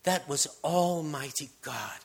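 A man giving a conversational sermon, telling stories with casual restarts and hushed emphasis. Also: a little high, slow pace. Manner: casual, storytelling delivery with frequent restarts and dropped-to-hushed emphasis. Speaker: preacher.

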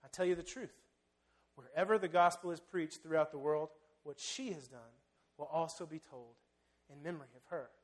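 Preacher doing Jesus: low, hushed, tender. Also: male voice, lively intonation, brisk, natural voice. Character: Jesus, a gentle, tender grown man.

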